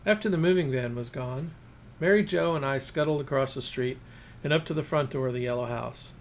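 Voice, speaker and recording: A man's voice: medium pitch, fairly quick, a little hiss or hum. A man reading his first-person fiction aloud as narrator.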